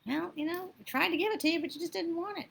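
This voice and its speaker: A woman voicing a patient male angel guiding a man through heaven, gently explaining. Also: very high-pitched, quick pace, creaky, a little hiss or hum, pitched above the performer's own voice, full character voice.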